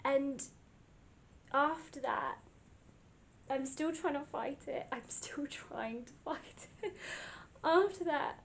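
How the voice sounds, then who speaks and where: A woman ghost hunter speaking in a hesitant, halting way, close to tears. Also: high voice, a little hiss or hum. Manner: hesitant, halting, with nervous laughs. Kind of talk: vlog commentary.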